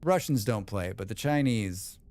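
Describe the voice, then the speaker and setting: Lively-voiced man chatting on a livestream. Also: fairly low pitch, unhurried. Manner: rambling, opinionated, answers chat messages. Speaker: livestream gamer. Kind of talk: casual livestream chat reading chat.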